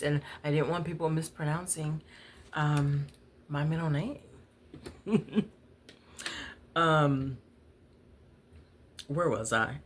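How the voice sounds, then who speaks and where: A low-pitched woman speaking slowly in a relaxed storytelling vlog. She is a writer who talks candidly and unhurriedly, with many fillers and the odd laugh. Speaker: poet and writer.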